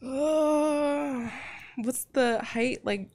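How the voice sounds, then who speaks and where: A woman's voice: high-pitched, extremely slow, darkish tone. A young woman talking as a podcast guest, chatty and laughing, with lots of "like" fillers. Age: young adult. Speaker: guest, college volleyball player. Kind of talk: casual podcast chat.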